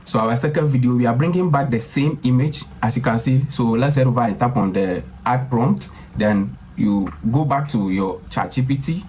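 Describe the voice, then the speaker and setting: A man's voice: mid-range voice, normal speed, hardly any pauses, a little mellow, a little hiss or hum. Casual man walking through a tutorial. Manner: casual, repetitive, keeps addressing viewers as guys. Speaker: tutorial host. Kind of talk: screen-recorded software tutorial.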